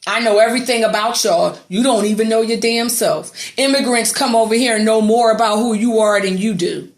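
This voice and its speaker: A woman's voice: on the high side, brisk, roomy sound. A woman delivering an angry, sarcastic, profanity-heavy rant to her viewers. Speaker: vlogger. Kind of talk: angry ranting monologue.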